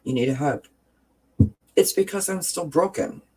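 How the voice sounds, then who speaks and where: A woman's voice: sits low, moderate pace, warm tone, husky. A woman hosting a casual livestream, reading viewer comments and talking through self-help ideas with frequent restarts and tag questions.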